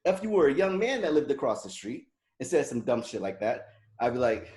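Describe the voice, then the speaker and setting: A man's voice: mid-range voice, brisk. A man in his forties, a podcast co-host telling a story in casual chat, laughing often and acting out what people said. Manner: animated, laughing, acts out quoted dialogue. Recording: echoey room.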